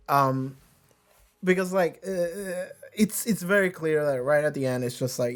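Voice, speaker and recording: A man's voice: a little high, unhurried, faint music behind. A man hosting a reaction video, talking casually and animatedly, rambling with frequent restarts and swearing.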